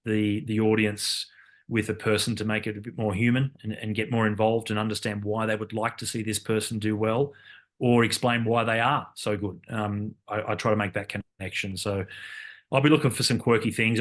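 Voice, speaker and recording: Low-voiced man chatting. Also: little pitch movement, fairly quick, a bit bright. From Australia. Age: 50s. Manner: rambling, with many fillers and repeated starts. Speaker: guest, Olympic cyclist and commentator. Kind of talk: casual interview conversation.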